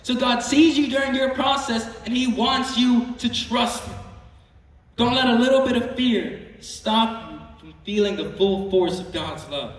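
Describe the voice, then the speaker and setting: A man's voice: very high-pitched, measured pace. A man preaching a sermon in an earnest way, often repeating words and asking the congregation questions. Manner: earnest, repeats himself, asks the crowd questions. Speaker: youth preacher. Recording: echoey hall from far off with music.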